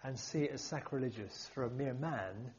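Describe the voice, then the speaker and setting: A man's voice: medium pitch, moderate pace, a little mellow, lo-fi sound. A man preaching a sermon to a congregation, emphatic and full of rhetorical questions.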